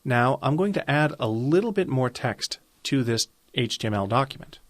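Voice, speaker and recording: Walking through each step of a screen-recorded coding tutorial, a man teaches web design in a calm, methodical manner. He speaks at a normal pace in a mid-range voice, recorded at studio quality with no room sound.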